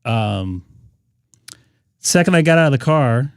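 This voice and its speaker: A man's voice: medium pitch, lively intonation, slow, smooth, no room sound. Man chatting on a live stream, dry sound. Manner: conversational, rambling with frequent fillers and restarts. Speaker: ham radio live-stream host. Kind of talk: casual live-stream talk.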